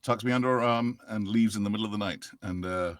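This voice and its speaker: A middle-aged man born in France, telling family stories in a relaxed interview chat with a big booming voice. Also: quick pace, dry recording, studio quality. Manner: storytelling with playful voices for family members. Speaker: guest actor. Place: podcast studio.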